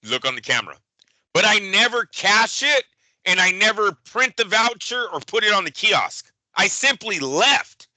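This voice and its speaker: A man co-hosting a show, telling a story in casual chat, animated and profane, acting out the people he quotes. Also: sits high, moderate pace, dry recording, poor audio. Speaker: boxing show co-host.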